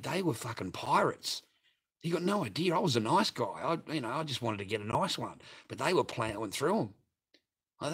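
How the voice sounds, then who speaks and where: Husky, profane Australian man. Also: mid-range voice. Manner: profane, blunt, rambling. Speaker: livestream host. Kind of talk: rambling storytelling to viewers.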